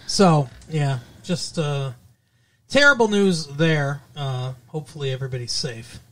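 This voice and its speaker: A man co-hosting a casual podcast, talking in halting, stop-start phrases full of fillers, with a dry, sarcastic sense of humor. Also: on the high side, lively intonation, fairly bright tone. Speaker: podcast co-host.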